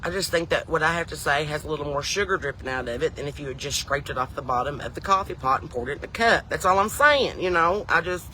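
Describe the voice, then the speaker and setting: A woman's voice: deep voice, expressive, fast talker, few pauses, sharp tone, slight background noise. A woman with a thick Southern US drawl, telling folksy, rambling comedy stories in casual chat. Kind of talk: chatty comedic storytelling.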